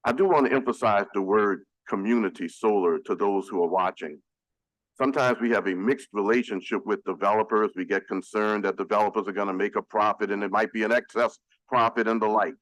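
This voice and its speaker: A man speaking as a city council member, addressing the chamber in an earnest, emphatic, measured way. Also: fairly low pitch, fairly bright tone, no room sound, poor audio. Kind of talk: formal public speech at a council meeting.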